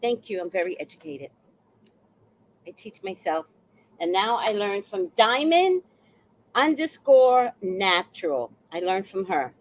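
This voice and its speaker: Lively, slow-talking woman in her sixties. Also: mid-range voice. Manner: animated, playful, repeats phrases. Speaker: host. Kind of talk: reaction commentary.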